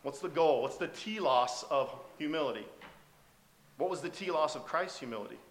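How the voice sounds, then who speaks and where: A man's voice: fairly high pitch, lively intonation, normal speed, echoey room. A male preacher giving a sermon in a conversational way, often asking the congregation questions. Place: church sanctuary.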